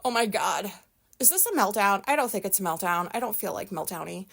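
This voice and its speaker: A woman's voice: mid-range voice, animated, fairly quick, gravelly, fairly bright tone, slightly rough. A woman venting in a casual, profane rant, agitated and exasperated, full of "like" fillers. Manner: profane, exasperated ranting with frequent "like". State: agitated, pissed off. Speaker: vlogger.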